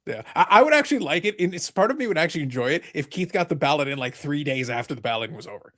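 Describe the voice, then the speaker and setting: A man's voice: on the high side, expressive, fast talker, a bit bright. A man hosting a live podcast, talking casually in a rambling, sarcastic, joking way. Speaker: podcast host.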